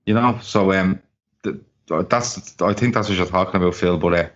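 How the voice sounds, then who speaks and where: A man's voice: low voice, moderate pace. A man, co-hosting a football podcast with blunt, sweary rants. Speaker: podcast co-host. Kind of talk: casual football banter. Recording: dull, lo-fi call audio.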